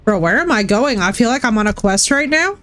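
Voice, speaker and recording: A woman's voice: fairly high pitch, lively intonation, fairly quick, a bit bright. A woman live-streaming a game and talking straight to her chat at a desk mic. Her voice sits a little above the usual woman's range. She is loose and candid, drops swear words and calls everyone bro or dude. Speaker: Twitch streamer. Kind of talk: casual live-stream chat while gaming.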